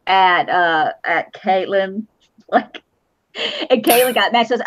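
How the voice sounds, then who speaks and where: A woman's voice: mid-range voice, unhurried. A woman hosting a casual fan show chat, blunt, profane and sarcastic. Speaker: host. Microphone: streaming mic. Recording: lo-fi online stream audio.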